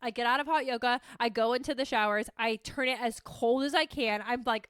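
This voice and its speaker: Young woman podcast host, high bright voice, dry close sound; chatty, swears freely, jokes about herself. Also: brisk, few pauses, clear, resonant tone, no room sound. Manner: rambling, swearing, animated and self-mocking. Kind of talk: casual solo chat.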